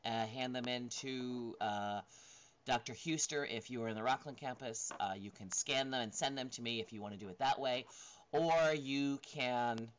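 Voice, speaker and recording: A man's voice: mid-range voice, normal speed, a bit bright. A man teaching a recorded lecture over slides, talking casually with many fillers and frequent checks of "right?". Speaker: instructor. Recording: dull lo-fi recording with faint noise.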